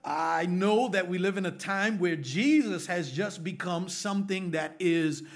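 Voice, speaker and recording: A man's voice: high voice, measured pace. A man preaching a sermon to a small group in a living room, working them into call and response. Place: home living room, at a table.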